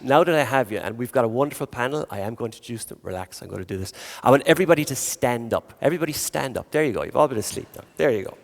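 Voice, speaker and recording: A man with an Irish accent moderating a conference panel on stage, chatty and joking as he works the crowd. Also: medium pitch. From Ireland. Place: large conference hall. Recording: long hall reverb.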